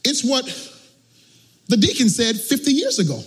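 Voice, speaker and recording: A male pastor delivers a sermon in church with a strikingly high, raspy voice. His pitch leaps and dives as he chants his points in a half-sung cadence, punching the peaks with shouts. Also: huge pitch swings, moderate pace, big-room sound.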